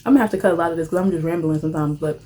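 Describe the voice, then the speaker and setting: A young woman, casually telling a rambling storytime while eating, animated and full of slang, jumping to high squeals when excited. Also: very fast, slight background noise. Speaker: vlogger.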